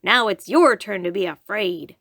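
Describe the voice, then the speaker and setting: A woman's voice: mid-range voice, moderate pace, fairly bright tone, dry recording, clean studio sound. A woman doing a firm, kindly woodcutter. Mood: stern.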